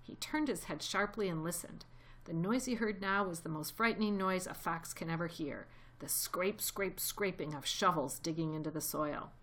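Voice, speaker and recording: Lady reading a kids story aloud, lowish voice, expressive. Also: moderate pace. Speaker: narrator.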